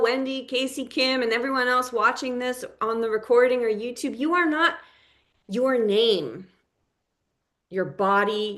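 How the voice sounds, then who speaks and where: A woman life coach teaching a live session in a deliberate, emphatic way, stressing single words as she lays out spiritual ideas. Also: fairly high pitch, a bit bright.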